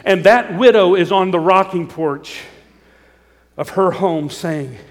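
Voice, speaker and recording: Pastor, male, high-pitched, earnest pleading sermon delivery, long church reverb. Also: measured pace.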